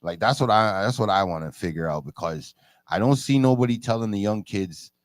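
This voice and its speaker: A man in casual chat who tells stories animatedly, jumping up in pitch when he quotes people. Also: a little fast, no echo, studio quality. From Canada. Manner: animated storyteller, jumps high in pitch for quoted speech.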